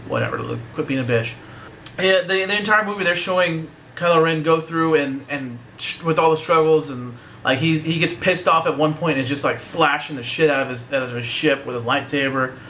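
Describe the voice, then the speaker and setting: A man's voice: fairly high pitch, fairly even intonation, a little fast, hardly any pauses, bright, forceful tone, a little hiss or hum. A young man giving a casual, joking, profane movie review that rambles along.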